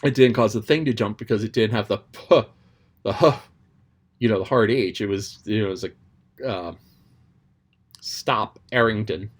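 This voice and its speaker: Speaking at a moderate pace with long pauses, a man in a lowish voice reflects informally on a chapter he read out loud. He meanders, ums and restarts frequently, and occasionally takes on playful quoted voices.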